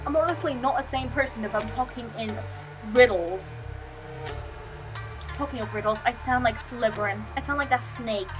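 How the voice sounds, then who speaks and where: A young woman with a high, light voice chats loosely and keeps wandering off topic, talking half to herself. Music plays clearly underneath her the whole time. It is a relaxed streamer ramble, not a prepared script. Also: moderate pace, highs cut off. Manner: rambling, easily sidetracked, chatty. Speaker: streamer chatting while drawing. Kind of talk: casual rambling chat.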